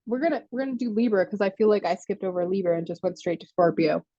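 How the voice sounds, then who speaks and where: A woman's voice: medium pitch, fast, mellow, no room sound, dull audio. A woman giving a chatty live tarot reading, laughing often and answering viewer comments as she goes. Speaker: tarot reader.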